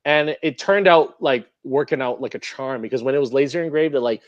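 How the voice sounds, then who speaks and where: A man's voice: medium pitch, fairly quick, dry recording, dull audio. A man from Canada, a guest in a casual interview, talking animatedly with lots of fillers. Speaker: interview guest, model builder.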